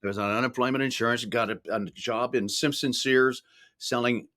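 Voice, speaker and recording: A man's voice: mid-range voice, steady tone, normal speed, fairly bright tone. An older man from Ireland, a podcast guest telling rambling anecdotes in casual storytelling talk. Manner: rambling anecdotes with laughs and acted-out quotes.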